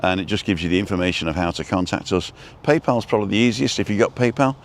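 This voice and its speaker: A rambling, chatty man hosts a live stream from his phone while out on a street, pausing to read viewer comments. His voice sits on the low side, and a faint hum of traffic runs underneath. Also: animated. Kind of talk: casual live-stream chat.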